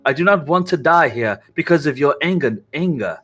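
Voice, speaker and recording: A man putting on a polite French-accented gentleman. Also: a little high, lively intonation, a little fast, faint music behind. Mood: pleading. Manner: pleading, courteous.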